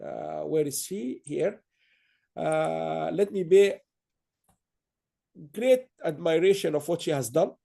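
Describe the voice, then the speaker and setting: A man's voice: on the high side, expressive, slow, vocal fry, long pauses, mellow. A man hosting an online awards ceremony, speaking in a rambling way with many fillers and restarts.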